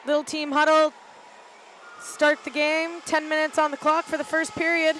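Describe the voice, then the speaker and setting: Faint arena hum fills the background as a middle-aged volunteer commentator, a parent of a team member, narrates amateur play from the balcony above the rink. Her high, unhurried delivery is relaxed and chatty, with hesitations and fillers.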